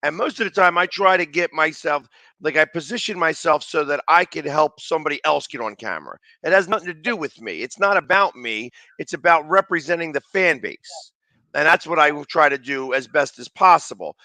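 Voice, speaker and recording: A man hosting a sports talk show who talks loudly and rambles, often restarting his sentences. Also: on the high side, animated, a little fast, dry recording. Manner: loud, talkative, rambling with restarts.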